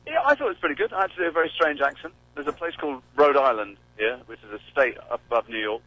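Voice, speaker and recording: A quick, lively English man with a wry, self-mocking way of talking. He rings in from a car over a dull, muffled line that sounds completely dry. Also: medium pitch, dry recording. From England. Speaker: celebrity caller. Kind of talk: casual phone-in chat. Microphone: phone while driving.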